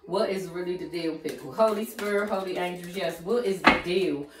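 A woman's voice: on the low side, normal speed, roomy sound, recorded from a distance, heavy background noise. A woman giving a casual tarot reading in a sassy, slangy way, talking straight to the viewer as "girl". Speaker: tarot reader.

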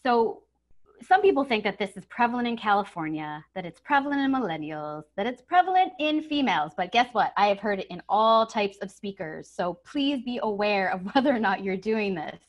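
Woman, voice coach, webinar lesson, emphatic, demonstrates pitch and volume. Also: big pitch swings, a little fast. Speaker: communication trainer. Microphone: home setup over video call.

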